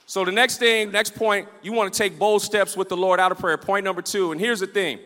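A male pastor preaching a sermon in an animated, repetitive style, calling out to the room and acting out his stories. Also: high-pitched, fairly quick. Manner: storytelling, acts out the scenes he describes. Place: church sanctuary with a livestream. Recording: echoey church hall.

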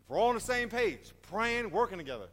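A man preaching a sermon in an animated, emphatic way, asking his congregation rhetorical questions. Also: high-pitched, fast talker. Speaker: pastor. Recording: reverberant hall.

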